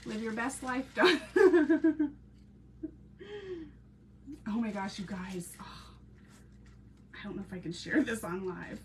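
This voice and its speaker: A woman's voice: medium pitch, normal speed. A woman from Ohio hosting a casual live crafting stream, chatty and laughing often as she talks to her viewers. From Ohio, USA. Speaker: crafting channel host. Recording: slightly distant mic with faint background noise.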